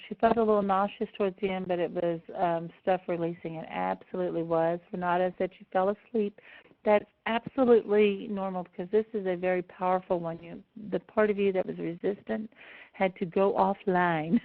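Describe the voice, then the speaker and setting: Woman presenter, emotional and affectionate, narrow phone-like sound, web call mic. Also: mid-range voice. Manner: tender and emotional, close to tears; warm, affectionate address to attendees. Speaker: seminar presenter. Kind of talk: live online seminar talk. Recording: tinny phone-like audio.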